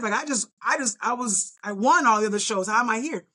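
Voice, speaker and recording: A middle-aged woman with a slightly high voice recounts her story as a podcast guest. She talks casually and animatedly, jumping into quick acted-out reactions of her own. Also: sharp tone, husky.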